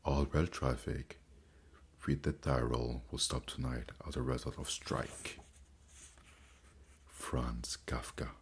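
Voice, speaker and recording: Very deep-voiced man reading letters slowly. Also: flat delivery, slightly rough. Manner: slow, halting reading with restarts. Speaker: book reader and commentator. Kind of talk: reading letters aloud with commentary.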